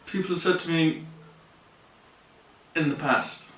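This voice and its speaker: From a room in his mother's home, a male vlogger makes a personal confessional video, speaking in an earnest, plainspoken way and repeating phrases. His voice is fairly high and fairly bright, at a measured pace with frequent pauses. The distant mic gives the sound a roomy quality.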